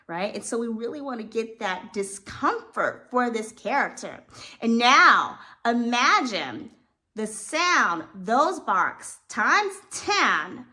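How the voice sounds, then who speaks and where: A woman acting teacher explaining a scene, animated and acting out little examples as she talks. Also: on the high side, takes it slowly. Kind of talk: instructional video.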